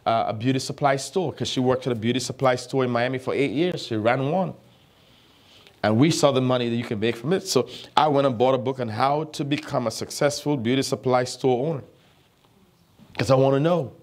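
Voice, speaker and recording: A man's voice: mid-range voice, a little fast. Emphatic man preaching a sermon. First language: not English. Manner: emphatic, repeats phrases, asks the audience if they are listening. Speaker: pastor.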